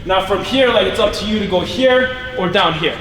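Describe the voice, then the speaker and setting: A man coaching throwing in casual talk, hyped up and swearing freely, with loud cheering bursts. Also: sits high, moderate pace. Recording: echoey, distant mic, background noise.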